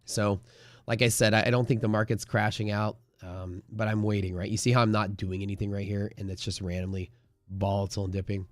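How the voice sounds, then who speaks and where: Man, low-pitched, casual live-stream host, rambling, filler-heavy, dry close sound. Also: level tone, brisk, dry recording. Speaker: day-trading live streamer.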